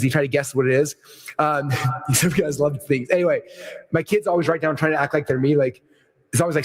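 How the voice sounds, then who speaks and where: Fast, excitable man telling a story on stage. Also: fairly high pitch. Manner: excited, rambling, playful. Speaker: keynote speaker.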